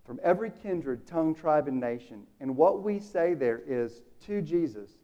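A man preaching a sermon, casual and animated, acting out the dialogue in the story. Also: a little high, moderate pace, hardly any pauses, highs cut off.

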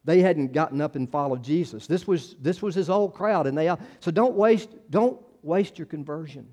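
A man's voice: a little high, normal speed, dark tone. A male pastor, preaching a conversational sermon full of restarts and acted-out quotes.

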